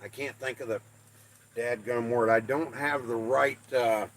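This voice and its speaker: With a mid-range voice, a steady tone, and measured pacing, an older Western American man chats casually with his livestream viewers. He's folksy and self-deprecating, reading their comments out loud.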